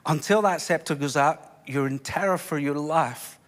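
Impassioned high-voiced Scottish preacher. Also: male voice, normal speed. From Scotland. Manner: impassioned preaching with sudden hushed drops. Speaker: pastor. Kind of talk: sermon.

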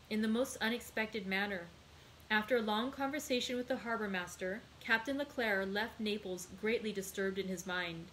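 A woman reading the part of a calm, resolute young male sailor in a read-aloud book, in a plain reading voice. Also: medium pitch, slight background noise, natural voice, rough recording.

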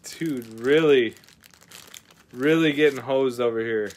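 A man hosting a live card-opening stream, chatting casually with viewers, excitable and often swearing as he reacts to each pull. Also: medium pitch, slow pace.

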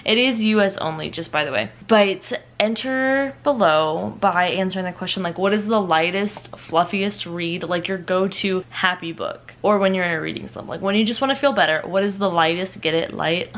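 A woman's voice: mid-range voice, a bit bright. A young adult woman chatting casually at home in a rambling, self-mocking way as a book vlogger. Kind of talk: casual vlog chat. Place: home, indoors at night.

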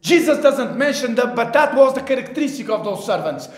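A man preaching at a church service, his voice sitting high for a man. He asks rhetorical questions and swings between hushed passages and raised ones. The sound carries a roomy church reverb. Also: expressive, a little fast. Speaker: pastor. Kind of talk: sermon.

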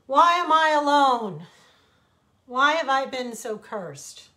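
A woman's voice: mid-range voice, animated, measured pace. A woman voicing a lonely, self-pitying desert in a storybook fable, complaining and wailing. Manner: complaining, rising to loud wails.

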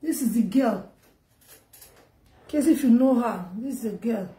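High-voiced Nigerian Pidgin woman vlogger. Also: unhurried, roomy sound. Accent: Nigerian Pidgin English. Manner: animated storytelling in Pidgin, rising and loud when upset. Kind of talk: emotional gossip vlog. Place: home in Germany.

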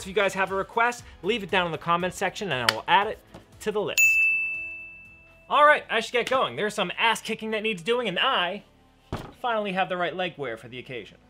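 A man's voice: sits high, pushed and bright. A young man hosting a crafting channel, narrating a leathercraft tutorial in an upbeat, enthusiastic, slangy way.

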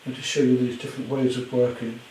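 A man demonstrating a painting at home, chatty with gentle self-deprecating humour. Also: medium pitch, little pitch movement, quick pace, echoey room, slight background noise, low-quality recording. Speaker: art teacher. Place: indoor studio at home.

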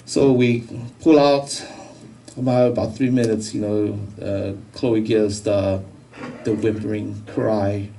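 A man giving a personal testimony, telling his story in a halting, emotional way with many restarts. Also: lowish voice, fairly even intonation, warm tone, recorded from a distance, rough recording. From United States. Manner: halting, repeats words, emotional.

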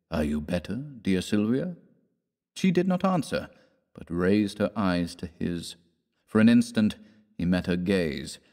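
A man narrating a classic story in a measured, theatrical reading, giving the characters their own voices. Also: low-pitched, darkish tone. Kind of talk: scripted audiobook narration.

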